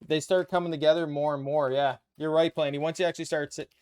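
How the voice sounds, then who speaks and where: A man's voice: fairly high pitch, fairly even intonation, quick pace, a little mellow, clean tone. A Canadian man with a Canadian accent, casually chatting and bantering with his viewers while building a model kit on a live stream. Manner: chatty, playful banter with chat.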